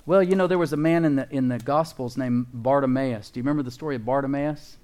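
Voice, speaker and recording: A man's voice: fairly high pitch, fairly even intonation, fast, few pauses. A male pastor preaching a sermon in an emphatic way, often calling out to his congregation for an amen.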